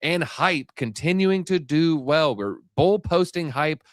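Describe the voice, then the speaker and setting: A man's voice: a little high, expressive, no room sound, studio quality. Out-of-breath hyped crypto show host man. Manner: hyped, rapid-fire, addresses viewers directly. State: slightly out of breath. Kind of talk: energetic live-stream market commentary.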